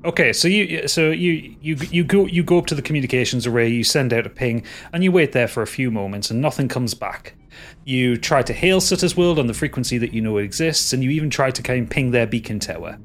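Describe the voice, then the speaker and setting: A man narrating a tabletop game as game master, talking haltingly with many restarts. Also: medium pitch, expressive, slight background noise. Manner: halting, full of restarts and fillers.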